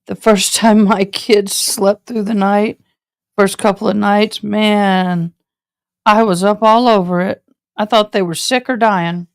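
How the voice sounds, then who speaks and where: A woman's voice: medium pitch, steady tone, slow pace, smooth, dry recording, clean studio sound. A woman hosting a live stream from her home, chatting casually and talking straight to her viewers. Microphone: camera setup.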